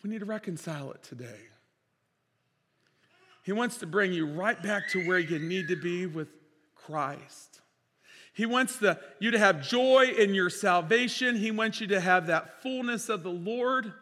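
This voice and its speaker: A man preaching a sermon as pastor, impassioned, swinging between loud declarations and quiet storytelling. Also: sits high, expressive, measured pace, a little hiss or hum. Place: church sanctuary. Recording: reverberant church hall.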